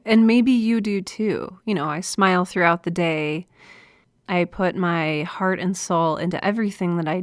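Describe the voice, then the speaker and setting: A woman's voice: on the low side, no echo. A woman hosting a solo podcast, talking in an earnest, confiding way with a smile in her voice, close to a microphone. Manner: earnest, confiding, smiling delivery. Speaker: podcast host. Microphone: studio microphone.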